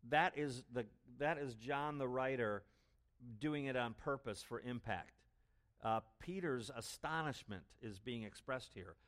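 Emphatic male pastor preaching. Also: measured pace. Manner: emphatic, swings between loud stresses and low asides. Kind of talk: expository sermon.

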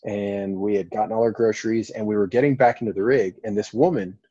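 A Colorado firefighter and paramedic tells a story in a casual interview, earnest and rambling with lots of fillers. His lowish, dark, husky voice moves fast with fairly even intonation, on a dull, lo-fi, dry recording with no echo.

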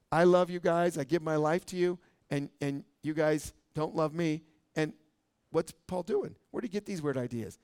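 Teaching pastor, male, high-pitched, chatty sermon delivery with frequent asides to the congregation. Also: darkish tone, no room sound, clean studio sound. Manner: conversational, joking, often asks "right?". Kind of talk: expository sermon. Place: church service.

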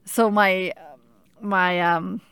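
Sharing something from her own life, a middle-aged woman speaks in a smooth, fairly low voice. Her casual telling is lively yet choppy, full of restarts and repeated "like"s.

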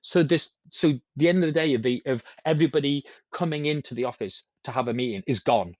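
A fast-talking man with a mid-range voice chats casually on a podcast, rambling, restarting often and acting out quoted speech. There's no echo, though the lo-fi sound is slightly muffled.

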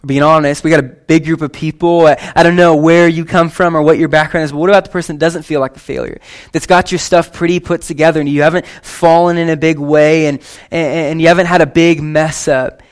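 A young man preaching a sermon to his church in a lively, conversational way, with quick asides and casual slang. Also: on the high side. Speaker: pastor.

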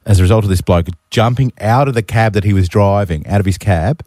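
A man's voice: lowish voice, fast talker, darkish tone, dry recording, studio quality. An Australian man hosting a radio show, telling stories in a chatty, matey way. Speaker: radio host. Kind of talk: breakfast radio banter. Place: radio studio. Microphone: studio mic.

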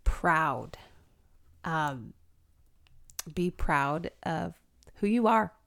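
A woman in a reflective faith chat, talking in a searching way with restarts and quick laughs. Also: low voice, animated, creaky, a bit bright.

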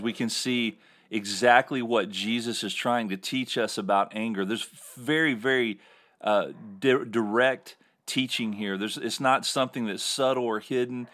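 Earnest guy preaching on a bible passage, mid pitch, leans hard on his words. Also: fairly bright tone. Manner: earnest, emphatic with repeated words. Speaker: host and Bible teacher. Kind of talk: sermon-style Bible teaching.

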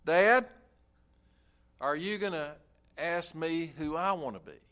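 A preacher voicing a lonely little boy who keeps pleading with his busy father, speaking earnestly at a raised pitch. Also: slow pace, a bit bright.

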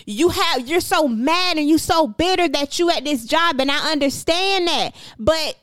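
A woman's voice: high-pitched, expressive, measured pace, a bit bright. A woman co-hosting a casual talk show, speaking frankly and telling stories. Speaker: co-host. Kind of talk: casual podcast chat.

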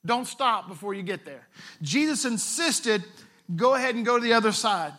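Male pastor, high and bright voice, chatty sermon delivery with jokey asides. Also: expressive, moderate pace. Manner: conversational, retells scripture with playful asides.

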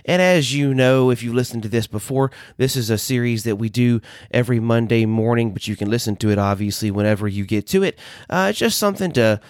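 A man's voice: medium pitch, a little fast, dry recording, studio quality. A man hosting his own podcast, talking casually and playfully, with some swearing and laughing at his own jokes. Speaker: podcast host. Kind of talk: casual solo podcast monologue.

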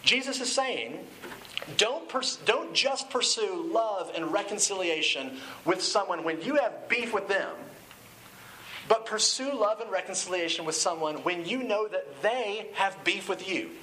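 Bright-voiced, high male pastor preaching. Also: unhurried, slight background noise, rough recording. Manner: conversational, animated, acts out quoted shouting. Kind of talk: sermon.

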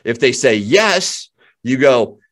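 Energetic man giving a pep talk. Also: medium pitch, slow. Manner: energetic, emphatic, repeats words. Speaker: real estate coach. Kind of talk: motivational talk.

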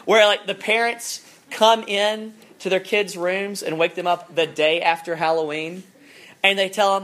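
A campus minister preaching a sermon in a conversational, animated storytelling way, with casual fillers. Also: mid-range voice, measured pace, a little hiss or hum.

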